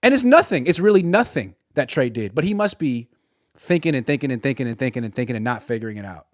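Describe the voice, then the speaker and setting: A man's voice: mid-range voice, animated, fast, no room sound, clean studio sound. A man giving a sarcastic sports commentary monologue and acting out imagined dialogue.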